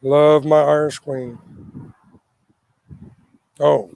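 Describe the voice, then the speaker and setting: A man's voice: on the high side, flat delivery, extremely slow, gravelly, darkish tone, no echo, rough recording. A man co-hosting a casual livestream, blunt and profane, protective of his friends. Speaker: livestream co-host.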